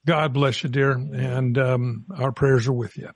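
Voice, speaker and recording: A man's voice: medium pitch, fairly even intonation, unhurried, dry recording, clean studio sound. A man hosting a Christian radio call-in show, greeting callers in a folksy way and calling them dear.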